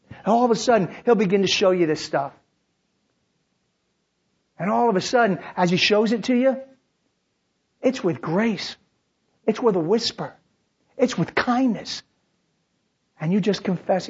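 Pastor guy preaching, husky voice, goes loud then quiet and prayerful, muffled lo-fi church recording. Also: sits high, animated, unhurried, pauses often. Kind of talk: sermon. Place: church service. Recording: dull lo-fi sermon recording.

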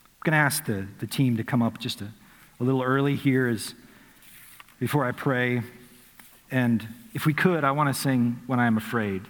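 A man preaching a sermon as a pastor, telling a personal story earnestly, dropping softly into reflective moments. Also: medium pitch, moderate pace, long pauses. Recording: long hall reverb.

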